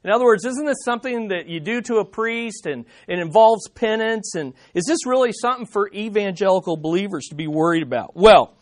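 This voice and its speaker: Man, pastor, preaching, emphatic, repeats phrases, lively intonation. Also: high voice. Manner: slows down on key statements. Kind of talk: sermon.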